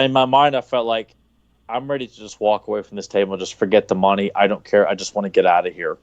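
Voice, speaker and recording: A man's voice: medium pitch, dry recording, highs cut off. A man on a podcast telling a long, rambling anecdote in casual chat, with frequent restarts. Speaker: podcast co-host.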